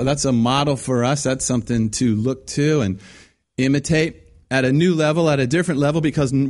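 A man preaching a conversational sermon, acting out quoted voices with many restarts. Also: mid-range voice. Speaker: guest preacher.

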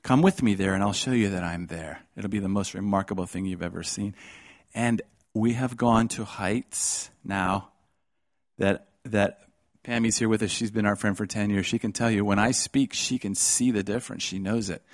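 Middle-aged male preacher, dramatic storyteller, big swings from hush to shout, dry close sound. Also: moderate pace, dry recording. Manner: dramatic, swings from hushed to loud and high. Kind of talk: sermon with storytelling.

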